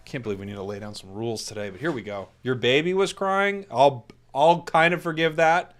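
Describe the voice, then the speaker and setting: A man's voice: mid-range voice, expressive, a bit bright. Man, esports caster on a break, fake-angry banter with chat, stumbles over his words; faint music behind. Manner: mock-outraged joking, riffing on chat messages; stammering restarts, quick laughs. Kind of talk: playful live-stream chat during a break.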